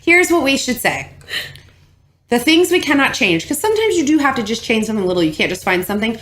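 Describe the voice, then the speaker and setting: Woman podcast co-host, teasing and giggly, lively up-and-down delivery. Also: a little high, fast. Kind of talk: casual chat.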